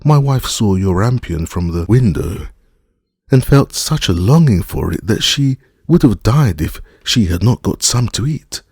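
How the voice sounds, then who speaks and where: A frightened, pleading husband, played by a man narrating a storybook. The voice is lifted high and strained, gravelly underneath, with a husky edge. The sound is close and dry. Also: animated, measured pace, a little mellow, no room sound, exaggerated voice.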